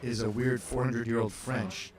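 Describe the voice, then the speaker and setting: A man's voice: mid-range voice, little pitch movement, moderate pace, crowd noise. A man hosting a casual comedic chat, reacting to maps with profane wisecracks. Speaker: host.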